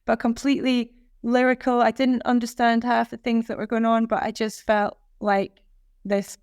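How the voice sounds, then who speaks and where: A Scottish woman chats as a guest author, her speech eager and expressive. Her voice is fairly high, smooth and clean. The sound is close and dry, with no echo. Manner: enthusiastic, expressive, quick bursts of praise. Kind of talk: casual interview chat.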